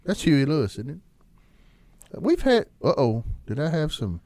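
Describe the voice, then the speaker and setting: A man's voice: normal speed, dry recording. A man co-hosting a casual podcast, teasing his partner in a playful way. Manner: playful, teasing, animated pitch swings. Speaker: podcast co-host.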